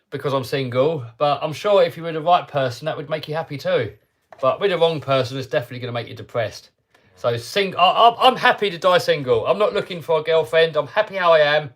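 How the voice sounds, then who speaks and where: A man with a somewhat high speaking voice hosts a casual live stream. He talks to his viewers in an upbeat, chatty way, often restarting his sentences as he goes. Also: brisk, a bit bright. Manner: chatty and upbeat, with frequent self-interruptions. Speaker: host of a hobby channel livestream.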